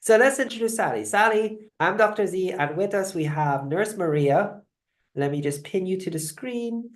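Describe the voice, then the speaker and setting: A host running a live online talk, teaching motivational lessons and telling stories in an animated way. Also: medium pitch, moderate pace. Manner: animated storyteller, shifts loudness often. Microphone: video call. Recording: roomy echoing sound.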